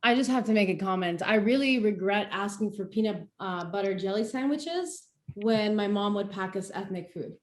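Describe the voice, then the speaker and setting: A young woman from Palestine, speaking in a casual chat and telling stories in an animated way with frequent laughs. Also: mid-range voice, normal speed, hardly any pauses. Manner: animated storytelling, laughs often. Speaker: guest speaker.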